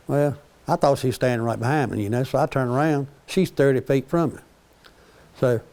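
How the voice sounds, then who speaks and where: A man's voice: medium pitch, gravelly, darkish tone. An older man, telling rambling, joking stories about his family. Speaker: storyteller. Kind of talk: casual storytelling.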